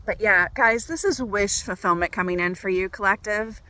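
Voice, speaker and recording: A woman's voice: medium pitch, moderate pace, sharp tone, low-quality recording. A woman tarot reader talking to her viewers outdoors on a walk, bubbly and gushing. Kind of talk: tarot reading vlog outdoors. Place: outdoors on a walk by a golf course.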